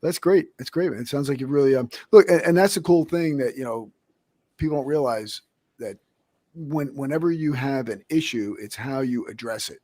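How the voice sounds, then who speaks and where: A man's voice: medium pitch, normal speed, a little mellow, dry recording. A man hosting a podcast, talking in an upbeat, motivational way. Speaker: host. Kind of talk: casual podcast interview.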